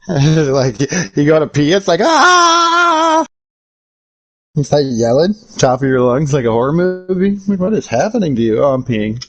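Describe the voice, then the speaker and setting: Crude, joking man with lively pitch. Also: normal speed, soft background music. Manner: crude, joking, swears freely. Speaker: hobbyist painting miniatures. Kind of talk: casual chat while working.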